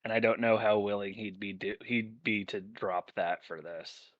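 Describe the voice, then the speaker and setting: A man's voice: lowish voice, steady tone, normal speed, dry recording, highs cut off. A man chatting casually on a voice call, dry and matter-of-fact. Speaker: friend on voice call. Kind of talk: casual chat.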